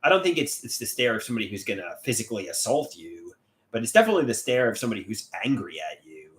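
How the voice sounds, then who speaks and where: A man's voice: lowish voice, sing-song, racing. A man hosting a casual livestream, reading chat comments aloud and rambling with many repeated, restarted words. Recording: echoey room.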